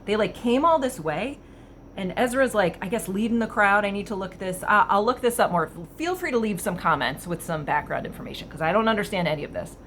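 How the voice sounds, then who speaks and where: A woman casually reading passages aloud and commenting on them with wry amusement, thinking out loud with fillers. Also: medium pitch, lively intonation, a little fast, slight background noise. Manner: wry, chatty, laughs at the text. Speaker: vlogger.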